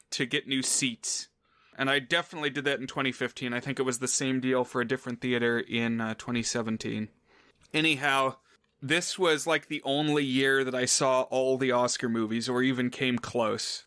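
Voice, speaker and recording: A man's voice: mid-range voice, bright, forceful tone, clean tone, dry recording, studio quality. A man co-hosting a film podcast in casual chat, rambling a little and correcting himself with fillers. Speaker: podcast co-host.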